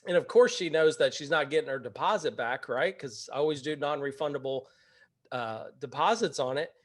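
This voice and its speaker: Animated male storyteller, higher voice, casual and chatty with laughs. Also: a little fast. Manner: animated, laughs while telling. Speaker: real estate investor and webinar host.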